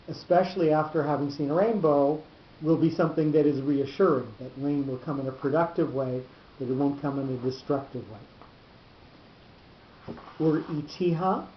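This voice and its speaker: Halting teacher in a roomy, dull recording. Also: mid-range voice, slight background noise. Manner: halting, repeats words while explaining. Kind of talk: lecture on cantillation.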